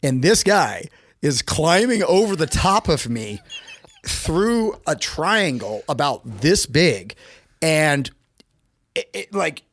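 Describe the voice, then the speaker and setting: Taking it slowly in a dry recording, a middle-aged American podcast guest tells a casual story. He acts out what people said, his pitch leaping in an animated way.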